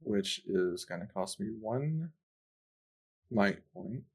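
A man playing in a tabletop game, talking casually in short, halting bits. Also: fairly low pitch, animated, darkish tone, husky. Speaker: player.

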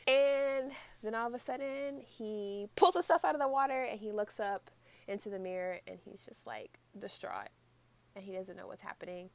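A woman's voice: medium pitch, moderate pace, vocal fry. A woman casually recapping a show with friends, chatty and giggly, using many "like" fillers. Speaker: podcast co-host.

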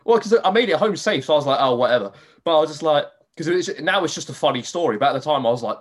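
A man's voice: on the high side, quick pace, few pauses. Man telling a story with energy. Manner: animated, swearing, acts out his own reactions. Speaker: podcast host. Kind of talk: casual storytelling chat.

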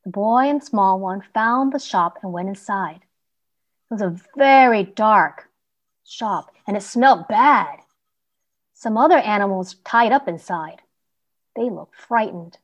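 Woman gently reading a children's story. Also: medium pitch, expressive, slow. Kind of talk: children's story read aloud.

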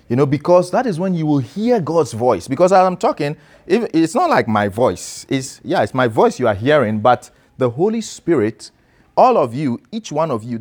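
A man's voice: medium pitch, a little mellow. A man preaching an interactive sermon to a class, asking questions and calling on people to read. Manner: conversational, asks listeners questions and calls on them to read. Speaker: pastor teaching a class.

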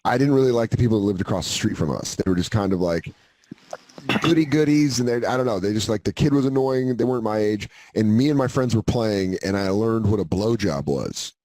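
A man's voice: fairly low pitch, expressive, brisk, mellow. A man co-hosting a podcast, telling laid-back childhood stories in casual chat. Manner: laid-back storytelling, says "dude" often. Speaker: podcast co-host.

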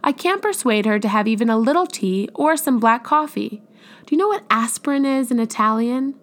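A woman reading the lines of a tender, motherly woman in a storybook, soft and solicitous. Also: on the high side, expressive, a little fast, natural voice. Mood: concerned.

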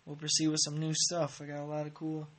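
A man's voice: fairly high pitch, completely flat delivery, fast talker, fairly bright tone. A man hosting a podcast, chatting in a rambling, laid-back way with chuckling asides. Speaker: podcast host. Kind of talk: casual rambling chat.

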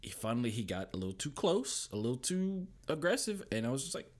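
A young man telling stories as a podcast guest, lively and quoting people in put-on voices. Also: mid-range voice, fast talker. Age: young adult. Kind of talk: casual storytelling chat.

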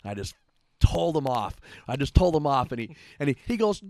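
A man hosting a podcast, telling stories in a casual, profane, animated way and laughing often. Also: fairly high pitch, a little fast, dry recording. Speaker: podcast host. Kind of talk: casual chat, storytelling.

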